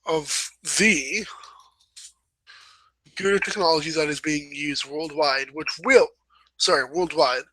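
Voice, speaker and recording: A young man with a bright, forceful voice pitched a little high, talking through a writing lesson in a relaxed, rambling way. He stops to correct himself and apologize as he goes. The sound is dry and close, with no room echo. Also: measured pace, pauses often. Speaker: host. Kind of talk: casual instructional talk.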